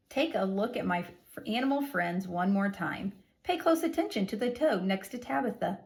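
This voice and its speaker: A woman teacher reading a lesson aloud to young children, with an expressive, sing-song delivery and exaggerated emphasis. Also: medium pitch, quick pace, vocal fry.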